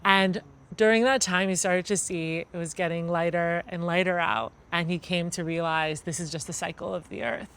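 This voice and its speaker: A woman's voice: fairly low pitch, steady tone, moderate pace, a bit bright. A woman with an American accent addresses a room of guests as co-host. Her delivery is loose and conversational, peppered with fillers. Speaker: event co-host. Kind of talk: casual spoken presentation to a gathering.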